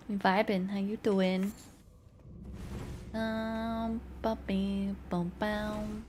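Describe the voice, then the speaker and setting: A woman's voice: mid-range voice, little pitch movement, takes it slowly, a little mellow, slight background noise. A woman streamer casually commenting on her gameplay, humming to herself, yelping at deaths and cooing to her cat. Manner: mutters and hums to herself, bursts into yelps.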